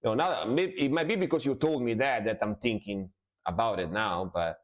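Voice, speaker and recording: A man's voice: mid-range voice, normal speed. A man reacting to music on a live stream, casual and rambling, with many fillers and repeated words.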